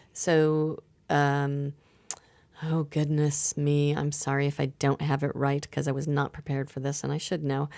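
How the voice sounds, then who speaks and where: Brief: woman astrologer, low gravelly voice, chatty podcast guest. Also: a little mellow. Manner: chatty, laughs often, explains with many fillers. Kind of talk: casual podcast chat.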